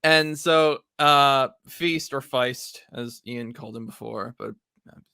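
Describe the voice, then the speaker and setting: A young man co-hosting a casual chat about comics, laughing a lot and slipping into quick character voices as he retells scenes. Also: mid-range voice, gravelly, sharp tone, smooth, no echo, clean studio sound. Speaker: podcast co-host discussing comics.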